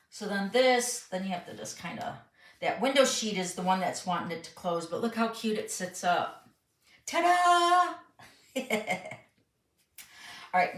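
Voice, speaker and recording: Walking viewers step by step through a live card-making tutorial, a middle-aged woman chats and reads their questions aloud. She has a medium, fairly bright voice, far from the mic, with roomy sound that leaves her slightly off-mic.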